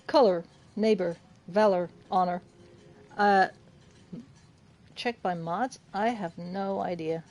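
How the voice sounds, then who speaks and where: Unhurried chatty woman streamer. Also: lowish voice, darkish tone. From United Kingdom. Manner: chatty, laughs often, talks to chat while looting. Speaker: game streamer. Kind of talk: casual gaming livestream chat.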